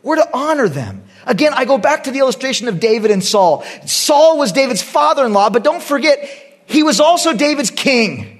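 Brief: male pastor, middle-aged, high and lively voice, preaching with loud bursts and quiet asides. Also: moderate pace. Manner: animated preaching, swings between loud bursts and hushed asides. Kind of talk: sermon.

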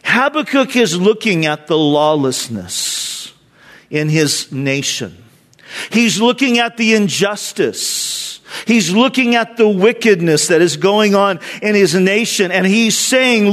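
A male pastor with a high voice preaches to his church, stressing words and repeating phrases for emphasis. His delivery climbs steeply when he voices anguished prayers, then settles back into steady teaching. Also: moderate pace. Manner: emphatic preaching, voice rising sharply when voicing cries to God. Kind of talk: sermon.

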